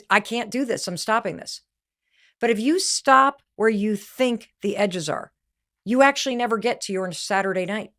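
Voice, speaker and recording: A middle-aged woman with a fairly high voice gives a motivational talk. She speaks candidly and with emphasis. She tells personal stories and acts out other people's words. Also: fairly bright tone. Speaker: podcast host and speaker.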